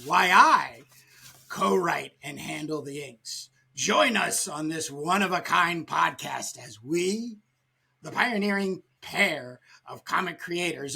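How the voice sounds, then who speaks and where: A man putting on a grandiose podcast announcer voice, loud and formal. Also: a little high, vocal fry, slightly rough, heavily acted. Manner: theatrical, loud, formal greeting.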